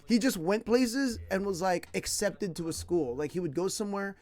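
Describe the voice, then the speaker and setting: A man from California, an English teacher, chats through his stories in a light, somewhat high voice. He talks in slang and laughs as he goes. The telling is loose and animated. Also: moderate pace. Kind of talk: casual storytelling.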